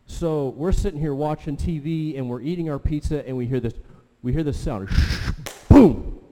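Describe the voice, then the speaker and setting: A man preaching a sermon, telling a story with animated swings from quiet talk to loud exclamations. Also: fairly high pitch, moderate pace, long reverb tail. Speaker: pastor.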